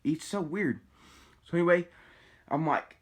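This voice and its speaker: A man's voice: a little high, a little slow. A young man telling a personal story in a casual, rambling way, swearing often and restarting his sentences. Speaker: storyteller vlogger.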